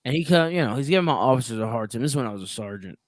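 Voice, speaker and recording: Casual, profane man, mid pitch, dry close mic; prison-sergeant storyteller, loud bursts then mutters. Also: expressive, very fast, no echo. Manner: profane storytelling with swings in loudness. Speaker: prison sergeant and podcast guest. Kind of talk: casual podcast chat.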